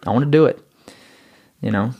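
A man telling his own story in a casual interview, rambling and repeating words as he grows excited. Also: medium pitch, a little fast, husky, narrow, tinny audio.

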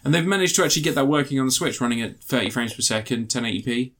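A man's voice: medium pitch, expressive, rapid-fire, a bit bright. A young man co-hosting a podcast, chatting about video games, swearing freely and laughing often. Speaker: podcast co-host. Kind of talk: casual chat.

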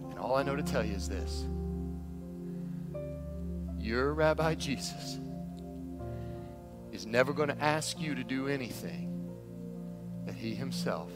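A male pastor preaching a sermon in an animated, conversational way, often acting out stories. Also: mid-range voice. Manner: animated, conversational, storytelling with quoted voices.

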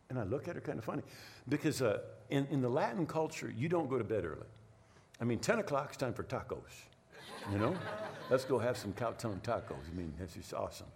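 A middle-aged man preaching a sermon, telling a personal story with lively asides and frequent "right?" checks. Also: mid-range voice, a little fast. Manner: animated storytelling, repeats words, asks "right?". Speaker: pastor.

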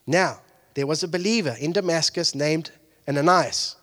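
At normal speed and with a slightly high voice, a pastor gives a conversational sermon that moves from hushed asides up to loud, excited peaks. He acts out the people he quotes as he goes.

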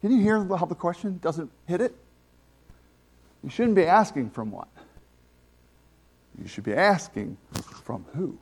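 High, lively-voiced preacher man. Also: unhurried, pauses often, breathy edge. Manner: emphatic, swings from loud exclamations to quiet asides. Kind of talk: sermon.

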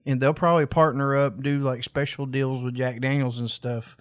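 A man's voice: medium pitch, steady tone, normal speed, dry recording, studio quality. A man bantering wryly in casual chat, cursing freely. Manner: wry, profane banter.

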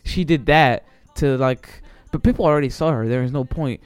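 A man's voice: medium pitch, moderate pace, clear, resonant tone, dry recording. A man hosting his own solo podcast, rambling casually and swearing, with many fillers and restarts. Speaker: podcast host. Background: faint background music.

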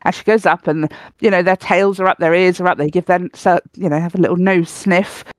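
A podcast co-host, telling a story in an animated, chatty way. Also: mid-range voice, brisk, no room sound. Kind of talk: casual chat, storytelling.

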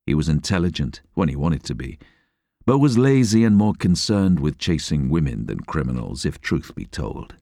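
A man reading a novel aloud as an audiobook narrator, expressive and measured. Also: very deep voice, no echo. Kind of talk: scripted narration.

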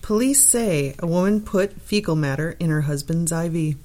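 A woman's voice: fairly low pitch, lively intonation, normal speed, mellow. A woman co-hosting a radio show, reading news items and teasing the host dryly. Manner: teasing, dry. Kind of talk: casual radio banter.

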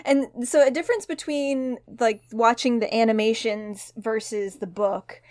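A woman's voice: fairly high pitch, steady tone, a little slow, a little mellow, no echo, studio quality. A woman co-hosting a podcast, chatting about a manga and playfully acting out characters' lines. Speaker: podcast co-host. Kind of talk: casual chat about a manga.

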